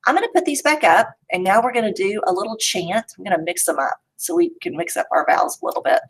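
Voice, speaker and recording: Slow, sing-song woman teaching phonics. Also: medium pitch, fairly bright tone. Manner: slow, exaggerated sounding-out with playful reveals. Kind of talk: early-grade phonics lesson.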